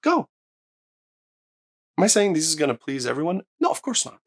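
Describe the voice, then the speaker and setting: A slightly high male voice at moderate pace gives a speaker review directly to camera. The man hosts his own hi-fi channel and comes across as enthusiastic and emphatic, cursing when his excitement peaks.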